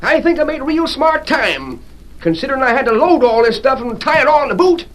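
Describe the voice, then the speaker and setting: An actor playing a bumbling old frontier wagon driver with a raspy, twangy backwoods drawl, in 1940s radio acting. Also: male voice, very high voice, big pitch swings, brisk. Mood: folksy. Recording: noisy 1940s radio broadcast.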